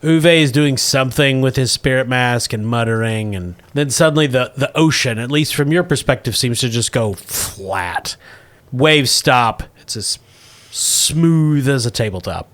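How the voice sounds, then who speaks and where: A man's voice: mid-range voice, unhurried, a bit bright. A man narrating a tabletop game as game master, describing scenes vividly.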